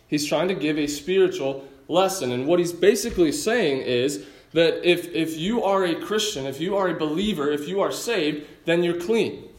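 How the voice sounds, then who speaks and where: A man preaching a sermon in an animated, conversational way with casual asides. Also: a little high, normal speed, reverberant. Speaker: pastor.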